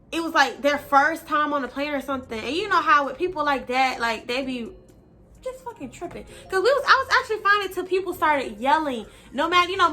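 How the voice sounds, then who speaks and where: A young woman casually telling a personal story on her vlog, slangy, animated and now and then profane. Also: high voice. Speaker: vlogger.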